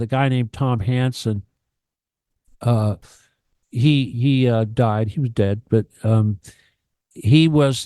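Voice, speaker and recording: A man's voice: a little high, darkish tone, clear, resonant tone, no room sound. A man ranting on a radio talk show, profane and emphatic, lecturing and repeating himself.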